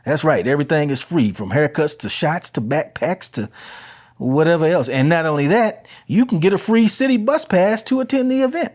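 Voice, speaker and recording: A man's voice: fairly high pitch, lively intonation, moderate pace, a little mellow. Man, casual podcast host, chatty and easygoing, recorded at home. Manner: laid-back, chatty, talks straight to listeners. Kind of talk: casual community announcements.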